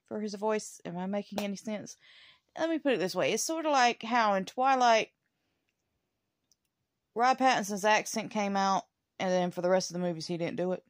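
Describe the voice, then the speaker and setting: A woman's voice: medium pitch, no room sound, clean studio sound. A woman movie reviewer answering a viewer's question in a casual, rambling vlog, stopping to search for words. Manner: rambling, chatty, self-interrupting.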